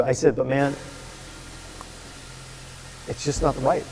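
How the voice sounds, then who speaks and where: Animated man telling a story in a taproom. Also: medium pitch, measured pace, slight background noise. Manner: animated storyteller, acts out quotes with restarts. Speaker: brewery owner, guest. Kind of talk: casual storytelling chat. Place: his brewery taproom.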